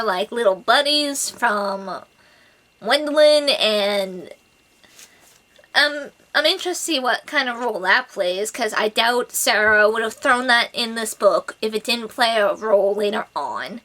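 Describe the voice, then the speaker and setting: A woman chats through a book review in a casual vlog, gushing and excitable. Her voice is bright and sits a little high. She leans on fillers as she talks. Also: unhurried. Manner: gushing, excitable, filler-heavy with lots of "like" and "oh my God".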